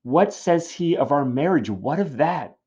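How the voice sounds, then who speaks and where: A man voicing an impatient young girl who pleads for news, reading old verse in a raised, drawn-out voice. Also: fairly high pitch, expressive, a little mellow, slightly rough, voice pushed up. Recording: dull lo-fi recording.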